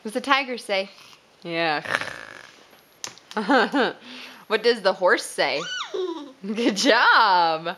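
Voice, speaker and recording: Slow, coaxing mother quizzing a toddler. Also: medium pitch, expressive, bright, forceful tone, slight background noise. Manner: slow, encouraging, praising with frequent laughs. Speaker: parent. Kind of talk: coaxing a toddler through animal sounds and baby signs.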